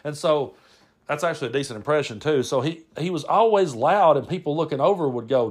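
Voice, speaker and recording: A man's voice: fairly high pitch, expressive, brisk, husky. A man, hosting a podcast and telling casual stories about family, rambling and often restarting his words. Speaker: podcast host. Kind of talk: casual storytelling monologue.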